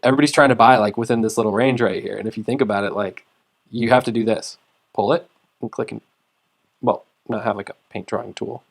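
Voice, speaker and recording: A man's voice: fairly low pitch, steady tone, fast, vocal fry. Rambling man explaining charts casually. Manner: rambling, filler-heavy, repeats words. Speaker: trading tutorial host. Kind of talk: casual screen-share tutorial.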